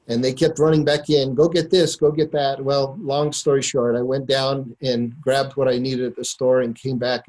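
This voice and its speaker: A middle-aged man with a mid-range voice tells a personal story to a listener. He speaks in an earnest, unhurried way, pausing often and using fillers as he goes. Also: medium pitch, a little mellow, poor audio. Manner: unhurried, earnest retelling with many pauses. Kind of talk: personal anecdote told to a listener.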